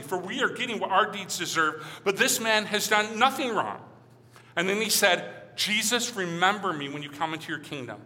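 A middle-aged man preaching in a church, his voice very bright and fairly high. He reads scripture and then presses his points with emphatic stresses. A long reverb trails each phrase. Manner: earnest, rising to emphatic stresses. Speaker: minister. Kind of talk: sermon with scripture reading. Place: church sanctuary.

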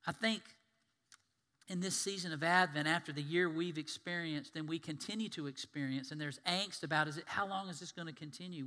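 A male pastor preaching a sermon, telling stories and swinging from loud emphasis to hushed tones. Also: fairly high pitch, in a large hall.

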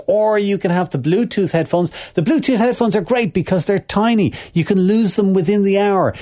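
A man's voice: high voice, darkish tone. A man co-hosting a chat show, ranting in an exasperated, sarcastic way and often asking "all right?". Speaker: co-host.

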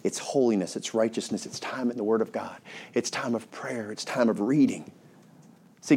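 A man's voice: mid-range voice, a little mellow, a little hiss or hum. Male pastor preaching, engaging the congregation with repeated questions and answers. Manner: rhetorical questions, call-and-response with congregation. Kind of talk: sermon. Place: church.

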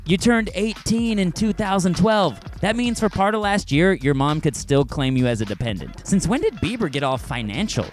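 A man's voice: high voice, expressive, moderate pace, hardly any pauses, soft background music. A man hosting a comedy podcast, delivering jokes playfully and chatting with a guest. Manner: jokey, playful delivery with put-on quotes. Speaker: podcast host. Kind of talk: comedic monologue and interview chat.

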